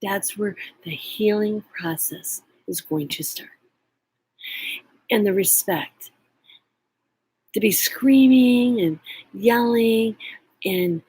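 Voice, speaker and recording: A woman's voice: a little high, darkish tone, husky, rough recording. A middle-aged woman vlogger telling a personal story, earnest and emotional, sometimes dropping to near whispers.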